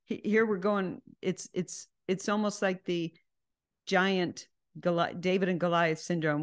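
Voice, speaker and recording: A woman's voice: fairly low pitch, steady tone, unhurried. A woman leading an informal Bible study over a video call, talking freely and often restarting her sentences. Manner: chatty, with frequent restarts and self-corrections.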